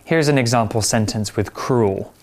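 A man teaching English vocabulary, explaining words slowly and carefully with example sentences. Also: mid-range voice. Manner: slow, careful, clear explanations.

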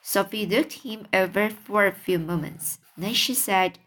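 Woman reading a kids book, slow, mid pitch, lots of ums after. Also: fairly bright tone. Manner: halting, with many fillers when talking freely. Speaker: storyteller. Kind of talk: reading a children's book aloud.

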